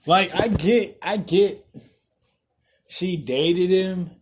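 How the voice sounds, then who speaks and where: A man hosting a podcast, ranting bluntly and profanely, loud one moment and muttering the next. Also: on the high side, a little hiss or hum. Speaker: podcast host. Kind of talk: casual podcast rant.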